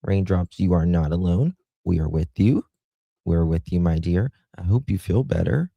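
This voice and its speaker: A man's voice: sits low, moderate pace, gravelly, dark tone, slightly rough, dry recording, dull audio. A man hosting a casual livestream, thanking viewers one by one with affectionate endearments. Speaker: livestream host. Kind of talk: casual livestream chat, reading viewer comments.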